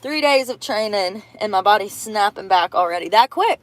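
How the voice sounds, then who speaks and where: A woman's voice: medium pitch, expressive, normal speed, noisy background. A woman chatting casually to her viewers as she runs errands, vlogging outdoors and at a laundromat. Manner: chatty, talks to viewers, self-narrating errands. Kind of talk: casual vlog chat.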